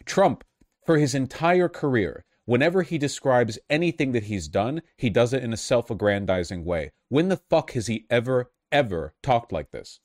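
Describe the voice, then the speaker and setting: A man's voice: medium pitch, animated, normal speed, dry recording, studio quality. A man giving casual reaction commentary on clips as a political commentator, profane and heated in his outbursts.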